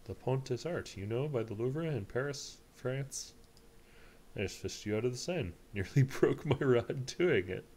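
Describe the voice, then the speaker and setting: A man's voice: medium pitch, lively intonation, measured pace, a little mellow, breathy edge. A man voicing a chatty, friendly male fisherman in a game, with a slightly raised, concerned tone.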